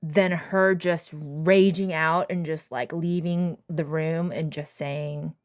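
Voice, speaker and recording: A young woman co-hosting a podcast in casual chat, animated and acting out quoted lines in a raised voice. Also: sits low, slow, hardly any pauses, no echo, studio quality. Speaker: podcast co-host.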